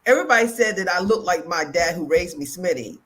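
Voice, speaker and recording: Talk-show woman, lively storyteller, speaks, voice climbs high in quotes. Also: fast talker, poor audio. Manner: animated storyteller, acts out quotes loudly. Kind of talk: casual chat.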